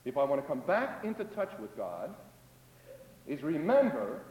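Man preaching a lively, dramatic sermon. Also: high-pitched, normal speed, roomy sound, long reverb tail, lo-fi sound. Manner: dramatic swings between loud emphasis and hushed asides; acts out the voices of doubters and psalm prayers.

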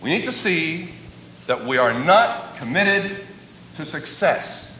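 Animated preacher man in an echoey hall. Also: a little high, takes it slowly, slight background noise. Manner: animated storytelling, acting out dialogue. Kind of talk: sermon.

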